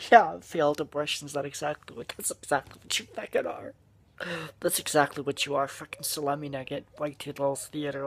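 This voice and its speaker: Angry vlogger man, husky voice, profane shouting rant. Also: on the high side. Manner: profane, furious, shouting bursts. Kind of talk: angry ranting monologue.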